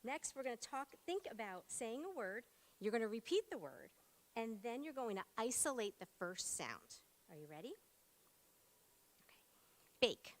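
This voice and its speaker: Fairly high-pitched and very animated, this woman teacher speaks at a normal speed during a phonics demonstration in a school meeting room. She's encouraging and upbeat, prompting with short words.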